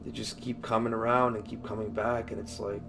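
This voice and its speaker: A man's voice: mid-range voice, little pitch movement, fairly quick, vocal fry, over music. A man livestreaming and chatting casually with viewers, rambling with many fillers and casual swearing. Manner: rambling, filler-heavy, lots of "like" and "you know". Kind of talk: casual chat with stream viewers.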